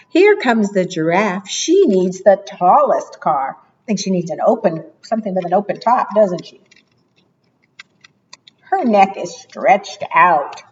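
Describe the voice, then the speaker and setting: A woman, a children's librarian, reading picture books aloud at preschool storytime, gentle and encouraging, often asking the children questions. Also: lowish voice, breathy edge, far from the mic, dull audio.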